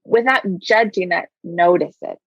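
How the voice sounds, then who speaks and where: A woman's voice: on the low side, moderate pace, no echo, lo-fi sound. A woman guest who teaches yoga, talking reflectively in an interview and often saying "like". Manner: reflective, thoughtful, says "like" a lot. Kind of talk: conversational interview.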